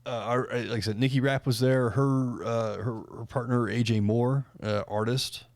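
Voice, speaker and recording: A man's voice: medium pitch, fairly even intonation, moderate pace, no echo. A man hosting a podcast in casual chat, rambling with lots of fillers and restarts. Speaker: podcast host.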